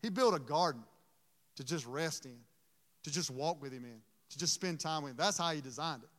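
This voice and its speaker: A man's voice: a little high, lively intonation, fairly quick, a bit bright, big-room sound. A man preaching a sermon in an earnest, emotional way, often stopping and restarting his sentences. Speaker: pastor.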